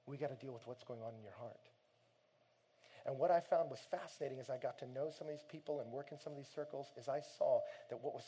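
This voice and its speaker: A man preaching a sermon, swinging between quiet, gentle passages and loud, emphatic shouting. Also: medium pitch, husky. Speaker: pastor.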